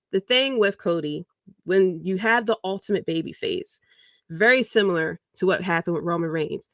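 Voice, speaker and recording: A woman hosting a casual livestream, talking in a rambling, animated way and chuckling mid-sentence. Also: medium pitch, no echo, clean studio sound. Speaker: podcast host.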